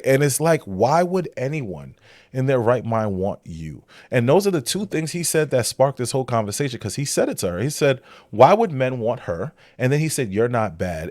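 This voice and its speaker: A man's voice: medium pitch, a little mellow, no room sound. A man giving blunt, incredulous commentary while reacting to a clip, his voice jumping up in disbelief. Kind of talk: casual commentary.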